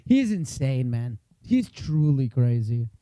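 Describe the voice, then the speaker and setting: Brief: male podcast co-host, very dark mellow tone, dry close sound, crude laughing storyteller. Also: medium pitch, sing-song, takes it slowly, no room sound. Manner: laughs often while telling stories. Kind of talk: casual profane chat, storytelling.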